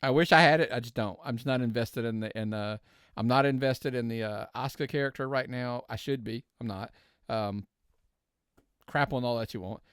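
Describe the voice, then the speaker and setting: A man's voice: medium pitch, fairly quick, smooth, no echo, studio quality. A man co-hosting a podcast in casual chat. He often restarts his sentences while he works out his opinions. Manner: talks in restarts, working out opinions aloud. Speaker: podcast co-host.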